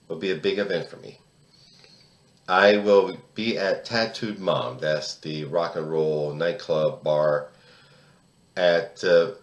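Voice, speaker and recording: A sixty-year-old American man speaks in a fairly low voice, pressing his points with indignation. He repeats words for emphasis and restarts his phrases. The sound bounces around an echoey room. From United States. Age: about 60. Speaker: political commentator and poet. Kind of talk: solo commentary to camera.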